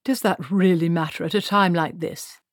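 A woman's voice: on the low side, fairly even intonation, normal speed, dry recording, clean studio sound, lightly acted. A woman doing a bellowing pompous old wizard. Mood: brusque. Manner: bellowing, impatient, snappish. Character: pompous stout old male archchancellor wizard.

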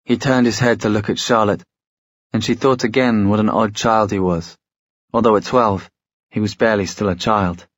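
A man narrating a story in a measured, storytelling way. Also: on the low side, fairly even intonation, dry recording. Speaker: audiobook narrator. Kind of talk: scripted narration.

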